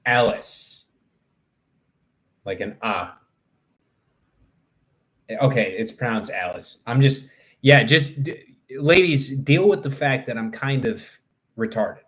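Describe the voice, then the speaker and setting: Male streamer, young adult, unhurried, loose and joking, talks to chat from home. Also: medium pitch, expressive. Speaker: live streamer. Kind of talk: casual livestream chat.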